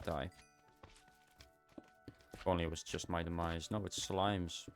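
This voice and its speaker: A young man with a deep voice chatting casually and a bit tiredly to himself while streaming a game. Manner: rambling, self-talking, tired. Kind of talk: casual gaming livestream chat.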